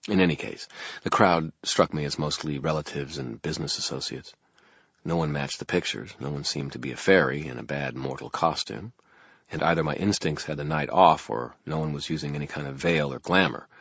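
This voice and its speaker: A man's voice: a bass voice, vocal fry, fairly bright tone, husky, no echo. A man reading a first-person audiobook in a wry, dry manner. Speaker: audiobook narrator. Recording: muffled lo-fi recording.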